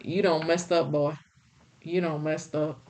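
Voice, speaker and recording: A woman doing an old Southern gentleman scolding. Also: lowish voice, monotone, brisk, slight background noise, close to an everyday voice.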